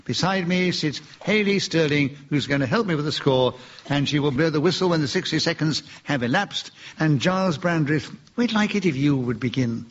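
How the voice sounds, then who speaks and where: A man's voice: fairly high pitch, expressive, moderate pace. Formal older man hosting a radio panel game. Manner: courteous, formal announcing. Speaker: panel show host. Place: studio theatre before a live audience. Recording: lo-fi radio recording with audience.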